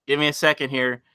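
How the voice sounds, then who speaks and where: A man's voice: a little high, pushed and bright, no room sound, clean studio sound. A man hosting a casual live stream, talking to chat in a profane, exasperated way and laughing often.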